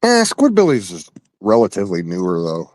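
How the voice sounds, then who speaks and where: A man joins a stream as a guest and chats in an excitable, foul-mouthed way. His pitch jumps around, and his voice sounds dry and close. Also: brisk, no echo. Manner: excitable, swears freely. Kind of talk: casual chat.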